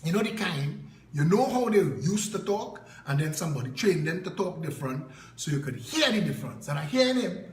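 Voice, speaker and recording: Trinidadian man, high and emphatic. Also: sing-song, brisk, roomy sound, low-quality recording. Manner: emphatic storytelling, punchy repetition. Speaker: political party leader. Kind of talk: impassioned political address.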